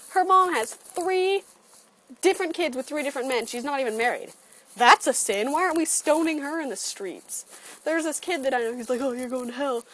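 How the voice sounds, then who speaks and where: A high-pitched woman rants for her opinion vlog, animated, mocking, and swearing constantly. It's a rough recording made on a computer webcam.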